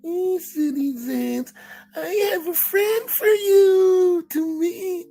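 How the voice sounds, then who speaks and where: A man voicing a flighty, high-voiced male greeter who draws out his words in a cooing sing-song. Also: very slow, vocal fry, warm tone, faint music behind, full character voice. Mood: giddy.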